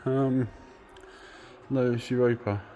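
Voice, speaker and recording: Excitable man touring a car museum. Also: medium pitch, slow pace, a little hiss or hum. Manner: excitable, gushing, swears when amazed. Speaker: car vlogger. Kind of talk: casual walking tour commentary. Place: indoor car museum, busy hall.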